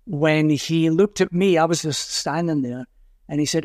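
Older man, Glasgow Scottish accent, lively storyteller, slightly higher voice, dry close sound. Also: moderate pace, no room sound. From Scotland. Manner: acts out voices in anecdotes. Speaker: musician guest. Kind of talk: animated storytelling.

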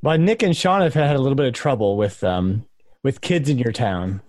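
A man co-hosting a podcast, telling a story in relaxed casual chat with some hesitation. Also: medium pitch, normal speed, no room sound, clean studio sound. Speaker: podcast co-host.

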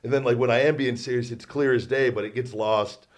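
A man's voice: medium pitch, steady tone, a little fast. A man hosting a podcast in casual chat, sarcastic and self-deprecating, rambling with many restarts. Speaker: podcast host.

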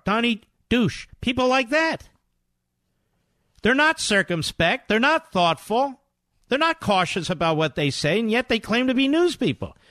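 A man hosting a talk radio show, playing clips and commenting on them in an indignant, combative manner with loud rhetorical questions. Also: high voice, no room sound, clean studio sound.

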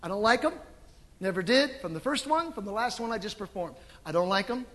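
A middle-aged man preaching a sermon as pastor, animated and emphatic, with sudden loud swells. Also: sits high, fairly quick, big-room sound. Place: church sanctuary.

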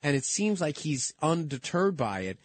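A man co-hosting a political talk show, in quick casual debate, often restarting his sentences. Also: a little high, big pitch swings.

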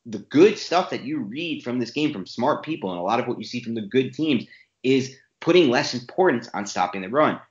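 A man co-hosting a sports podcast, laying out an opinionated argument. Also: on the low side. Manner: opinionated, rapid argumentative breakdown. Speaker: podcast co-host. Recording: roomy, dull sound.

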